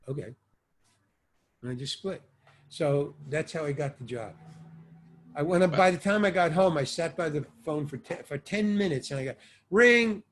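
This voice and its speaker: An older man being interviewed about his acting work, telling stories in a loose, animated way and acting out the dialogue, sometimes with a curse. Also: on the high side, normal speed, long pauses, slight background noise. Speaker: actor interviewee. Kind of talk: casual anecdotal storytelling.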